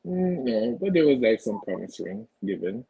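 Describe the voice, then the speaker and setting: A man's voice: mid-range voice, big pitch swings, moderate pace, vocal fry, dull audio. A man answering dating questions on a video call in brief, hesitant replies full of fillers. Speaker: guest single. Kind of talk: interview answers.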